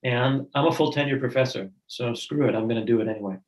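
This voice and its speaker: A man's voice: mid-range voice, fast talker. A tenured male professor speaking bluntly in a panel discussion over a video call. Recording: echoey room.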